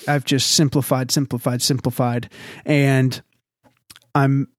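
A man's voice: slow, dry recording, clean studio sound. A young man in casual chat, telling a story with lots of energy and acting out the voices of other people. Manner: animated storyteller, acts out quoted voices with big pitch jumps. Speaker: podcast co-host telling a story.

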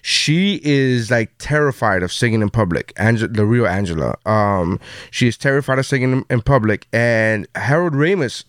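A man hosting a casual podcast, rambling through an anecdote with lots of "uh" and "like." His voice is smooth and clear. The sound is dry and close. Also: medium pitch, animated, normal speed, no echo. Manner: chatty storyteller, many fillers. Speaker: podcast host. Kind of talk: casual chat.

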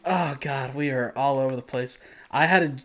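A man's voice: mid-range voice, normal speed, fairly bright tone. A man co-hosting a podcast, chatting casually as he recaps an episode, joking, laughing often and poking fun at himself. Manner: jokey, laughs often, self-mocking. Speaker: podcast co-host.

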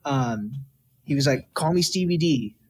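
A man's voice: medium pitch, a little slow, slightly rough. A young man from Texas, a guest musician, telling stories casually in an interview and acting out what people said. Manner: animated, quotes people in lively voices.

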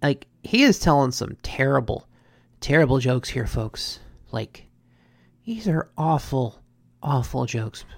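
A speaker casually recapping an episode in an animated, rambling way, correcting themselves as they go. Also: medium pitch, takes it slowly, gravelly, no echo, studio quality. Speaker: show recapper.

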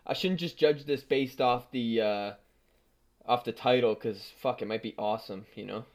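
A man's voice: medium pitch, normal speed, darkish tone. A man co-hosting a casual podcast, loose and rambling, swearing as he goes. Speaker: podcast co-host. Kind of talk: casual chat.

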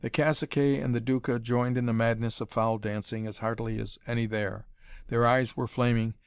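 A man reading an adventure story aloud as narrator, in a measured, dramatic manner. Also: medium pitch, level tone, smooth, no room sound. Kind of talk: audiobook reading of pulp adventure fiction.

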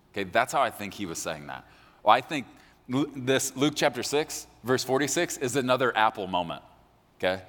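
Animated pastor preaching in a big hall. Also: male voice, medium pitch, moderate pace. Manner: animated, jokey, acts out quotes. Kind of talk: sermon. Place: large church. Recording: long hall reverb.

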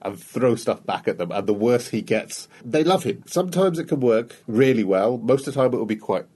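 A man's voice: medium pitch, animated, fairly quick, warm tone, breathy edge. A man in his thirties from the UK, a comedian talking reflectively and wryly in an interview. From United Kingdom. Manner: reflective, wry storytelling with acted-out quotes. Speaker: comedian guest. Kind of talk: conversational interview.

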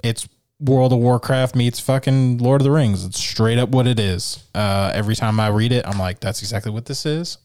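A man's voice: medium pitch, fairly even intonation, normal speed, darkish tone, clear, resonant tone. A man co-hosting a podcast in casual chat, blunt and profane. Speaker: podcast co-host.

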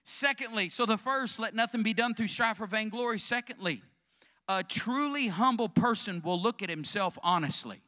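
A man's voice: sits high, moderate pace, pushed and bright. A male pastor preaching a sermon, calling out questions to the congregation.

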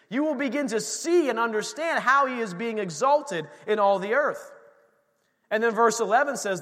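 A pastor delivers a forceful sermon in a church sanctuary, building intensity by repeating phrases. His voice is very high-pitched and a bit bright, and the recording carries a long hall reverb.

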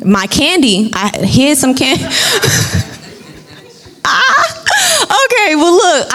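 Animated young woman minister telling a story. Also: on the high side. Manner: animated, chatty, acts out voices of family. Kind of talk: testimony storytelling.

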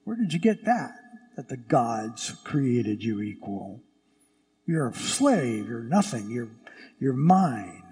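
A man's voice: mid-range voice, very animated, takes it slowly, mellow, in a large hall. A man preaching a sermon plays a scornful ancient Roman emperor who mocks a slave's claim to rights. He speaks in a dismissive, mocking way.

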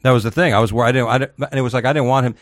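A man's voice: medium pitch, steady tone, rapid-fire, dry recording, clean studio sound. A man hosting a radio talk show, telling stories in a rambling, casual way with many restarts and fillers. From Florida.

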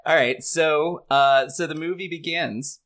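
A man hosts a relaxed conversation about a classic film. He steers the discussion and recaps scenes with dry, wry asides. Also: fairly high pitch, a little slow. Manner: leads the talk, recaps the plot with wry asides. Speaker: podcast host. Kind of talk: casual movie discussion.

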